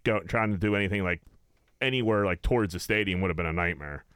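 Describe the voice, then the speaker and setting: A man's voice: low-pitched, fast talker, fairly bright tone, clean tone, no room sound. A young man hosting a casual chat, rambling through his stories with plenty of swearing and filler words.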